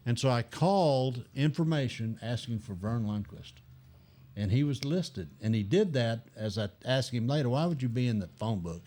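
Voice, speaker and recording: An older man telling animated anecdotes as a guest in a casual chat, acting out other people's lines. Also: mid-range voice, normal speed.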